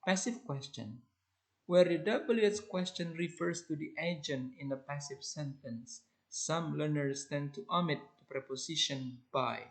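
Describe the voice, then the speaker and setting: A man reading a grammar lesson aloud as an English teacher, in a measured, deliberate way. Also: a little high, rough recording.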